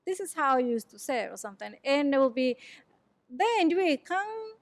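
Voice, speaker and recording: A high-voiced woman from Mexico, a native Chatino speaker, answers questions after a conference talk. She explains in a halting way, often pausing to search for words. Her voice sounds close and dry, with little room. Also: no room sound. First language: San Juan Quiahije Chatino. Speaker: presenter answering audience questions. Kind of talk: academic conference Q&A. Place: lecture room.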